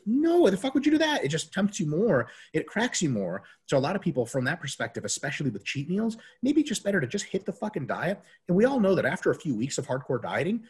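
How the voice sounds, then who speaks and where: Here a man's voice sits on the high side with a breathy edge as he coaches on diet in relaxed podcast talk. Swearing freely, he tells his stories with energy and acts out quoted voices.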